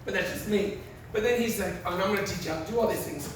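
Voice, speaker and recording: A man's voice: high-pitched, racing. A man performing a stand-up comedy set, telling profane stories and acting out the quotes with lots of energy. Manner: profane, animated storytelling with acted-out quotes. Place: live comedy venue. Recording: very echoey, distant, noisy live room.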